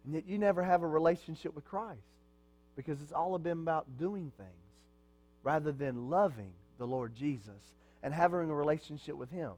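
High-voiced man preaching a sermon. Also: animated, moderate pace, a little mellow. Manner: conversational preaching with rhetorical questions to the congregation. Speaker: pastor.

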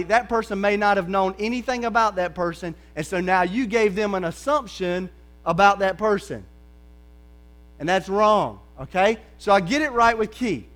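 A man preaching a conversational sermon to a congregation, often checking in with "okay?" and sometimes dropping to a soft, low voice. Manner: drops to a soft, low voice for stretches.

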